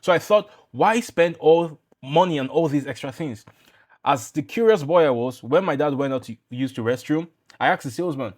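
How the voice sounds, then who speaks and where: Man, YouTube coach, business explainer, casual, emphatic, blunt asides, mid-pitched voice. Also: lively intonation, fairly quick. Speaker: YouTube growth coach for founders. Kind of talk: direct-to-camera business explainer.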